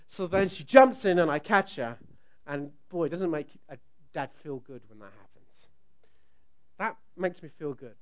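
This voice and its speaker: A middle-aged man preaching a sermon, telling a family story with animated, sometimes loud delivery. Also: fairly high pitch, moderate pace. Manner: animated storytelling, rising to loud outbursts when acting out scenes.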